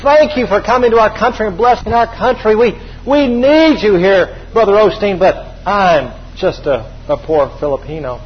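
A male preacher voicing a humble, self-deprecating man who speaks meekly and slowly during a sermon story. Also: sits high, slightly rough, dull audio. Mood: pleading.

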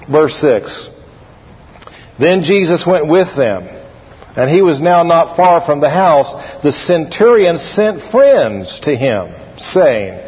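Male pastor, husky, higher-pitched, lively sermon delivery, lo-fi church hall recording. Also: moderate pace. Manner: animated preaching, drawling, repeating phrases for emphasis. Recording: lo-fi recording with long hall reverb.

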